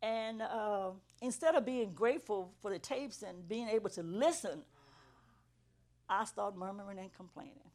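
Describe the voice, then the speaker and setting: Middle-aged woman preaching a personal testimony, earnest storyteller who swells to emphatic highs. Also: moderate pace, darkish tone. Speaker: church teacher giving testimony to students. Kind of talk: testimony sermon.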